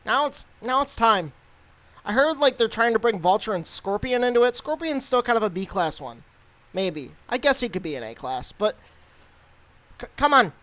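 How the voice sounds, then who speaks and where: A man's voice: very high voice, big pitch swings, moderate pace, bright, forceful tone. A young man giving a casual, rambling movie review, full of fillers and restarts.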